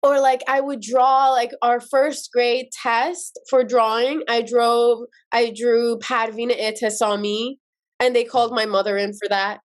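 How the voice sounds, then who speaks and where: A woman from Iran, a podcast guest, telling personal stories in an animated way with many "like" fillers. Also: a little high. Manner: animated, frequent "like" fillers, acts out quoted people. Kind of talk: personal storytelling in conversation.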